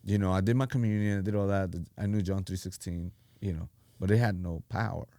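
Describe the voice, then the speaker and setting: A middle-aged man, a pastor, telling his life story in animated casual talk and acting out the voices he quotes. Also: sits low, a little fast, dry recording, clean studio sound. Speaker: pastor, podcast guest.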